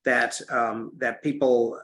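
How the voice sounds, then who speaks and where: Bright-voiced American man, halting. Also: mid-range voice, flat delivery, slight background noise. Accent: American, Midwestern-leaning. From New England, raised in upstate New York. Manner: hesitant, thinks aloud with many fillers. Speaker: book club host. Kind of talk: casual group discussion.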